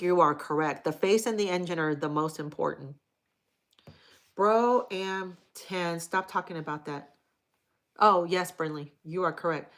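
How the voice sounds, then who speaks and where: Middle-aged woman, livestream host, low-ish voice, blunt, casual and profane. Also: a bit bright. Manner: frank and profane, chatty. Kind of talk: casual live chat reading viewer comments.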